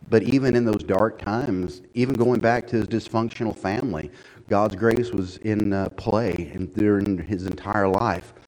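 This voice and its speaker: A man preaching a sermon in church, folksy and conversational, building to loud, emphatic stretches. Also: on the low side, rough recording. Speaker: pastor.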